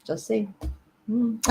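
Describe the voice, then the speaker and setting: A woman's voice: a little high, warm tone, a little hiss or hum. Chatty woman hosting an astrology live. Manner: chatty, encouraging, laughs often. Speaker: astrology show host. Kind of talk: casual live-stream chat.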